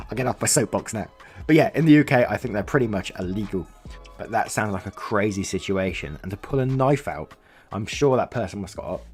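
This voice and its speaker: A man with a fairly low voice reads an online story aloud, then drifts into casual commentary. He wanders off the point, restarts sentences and tacks on asides. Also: breathy edge. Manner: rambling, self-interrupting asides. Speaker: story channel narrator.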